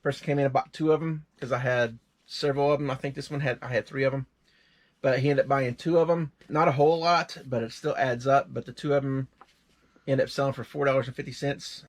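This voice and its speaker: A man's voice: medium pitch, fairly even intonation, brisk. An older man with a Southern US accent, chatting plainly and easily as co-host of a reselling video. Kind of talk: casual chat.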